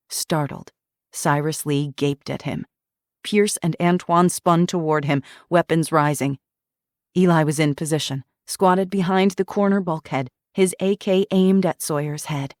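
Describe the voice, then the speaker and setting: Woman, audiobook narrator, low voice, slow and measured, dry close sound. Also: creaky, no echo. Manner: even, measured thriller reading.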